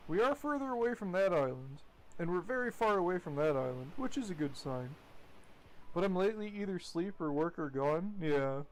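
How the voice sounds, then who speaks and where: A man's voice: sits high, expressive, fairly quick, slight background noise. A man rambling casually while commentating his gameplay, chatty and swearing now and then. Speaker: gaming streamer.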